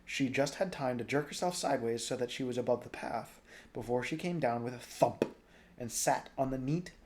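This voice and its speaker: A young adult man reading a novel aloud in a relaxed, informal way. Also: mid-range voice, normal speed. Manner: relaxed, informal, jokes at stumbles. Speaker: storybook reader.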